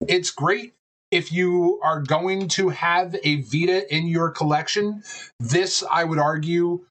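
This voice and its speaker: A man co-hosting a casual podcast, animated and rambling, swearing often and filling pauses with ums. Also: fairly high pitch. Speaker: podcast co-host. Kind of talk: casual chat.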